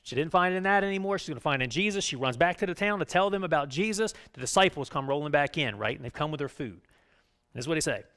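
A man pastor giving a conversational sermon, often checking in with his listeners and swinging between emphatic raised lines and quiet low ones. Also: animated, quick pace. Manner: conversational preaching, frequent "right?" asides.

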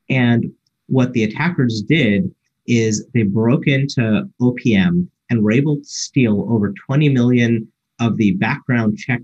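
A man's voice: lowish voice, a little mellow, slightly rough, muffled recording. A man giving a conference keynote talk, explaining at length with frequent fillers and restarts. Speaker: keynote speaker.

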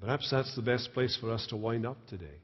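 A man's voice: medium pitch, a little fast. A man, a pastor preaching a sermon with storytelling and dry humor in a large church. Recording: reverberant church hall, dull live stream.

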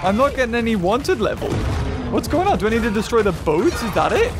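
A young man excitedly commentating his gameplay, often exclaiming and laughing. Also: extremely high pitch, quick pace. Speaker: gaming YouTuber. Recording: game music behind voice.

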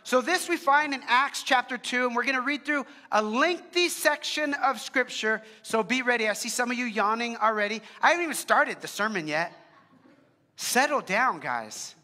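A man's voice: extremely high pitch, expressive, normal speed, pushed and bright, long reverb tail. A man preaching a casual, conversational sermon and praying, earnest with joking asides and frequent restarts. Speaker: pastor.

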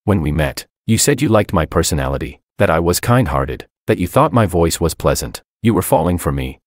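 A man's voice: low voice, animated, a little fast, no room sound, studio quality. A man narrator voicing a jealous young man who makes accusing outbursts. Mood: outraged. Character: jealous young man, pleading then bitter.

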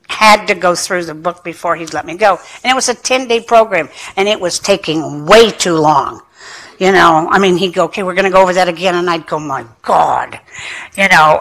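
Animated woman telling her own story. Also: on the low side. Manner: animated storytelling, acting out quoted dialogue; self-mocking humor with frequent laughter. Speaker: addiction specialist speaker. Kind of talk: personal recovery story in a lecture.

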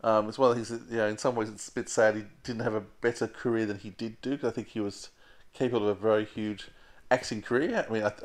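An Australian man co-hosting a podcast, giving opinionated casual review chat with laughs and restarts. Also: fairly low pitch. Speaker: podcast co-host.

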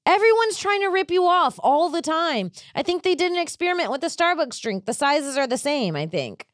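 Woman podcast host in her thirties, ranting and swearing, lively pitch, dry close sound. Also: fairly quick, no room sound. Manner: emphatic, ranting, swears freely. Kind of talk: casual chat.

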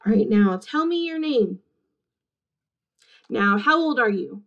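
Cheerful kindergarten teacher woman, high voice. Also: slow pace, highs cut off. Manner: animated, encouraging, sing-song teacher voice. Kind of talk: interactive read-aloud for young children.

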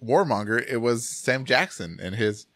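A man hosting a casual podcast chat about a film, animated and rambling, laughing often. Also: mid-range voice, moderate pace, no room sound, clean studio sound. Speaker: podcast host. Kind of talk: casual movie review chat.

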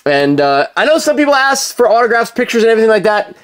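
A man's voice: very high voice, very animated, quick pace, fairly bright tone, clear, resonant tone. A man hosting a live card-break stream, chatting casually with viewers, with lots of fillers, and calling out cards as he opens packs. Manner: chatty, filler-heavy, calls out cards while talking to viewers.

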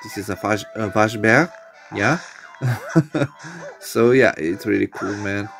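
A man's voice: lowish voice, slow pace, creaky, fairly bright tone, soft background music. A man hosting his own channel, rambling and laughing often through casual gameplay commentary. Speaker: channel host.

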